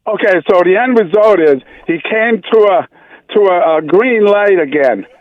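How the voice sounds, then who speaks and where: High-voiced male caller telling a joke. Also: expressive, no room sound. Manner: halting, repeats himself, slow storytelling. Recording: muffled phone line.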